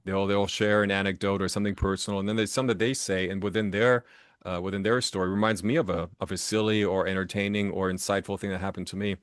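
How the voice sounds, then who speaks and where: A man with a fairly low voice being interviewed about his writing. He tells stories animatedly, restarting phrases often and acting out what people said. The sound is dry and close to the mic. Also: fast talker, clean tone, dry recording. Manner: animated storyteller who acts out quotes with many restarts. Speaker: author guest. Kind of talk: casual storytelling interview. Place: Las Vegas.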